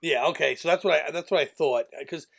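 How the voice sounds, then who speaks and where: A man's voice: a little high, quick pace, vocal fry, fairly bright tone, breathy edge. A man from New York co-hosting a casual podcast chat, laughing easily and agreeing often. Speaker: podcast co-host.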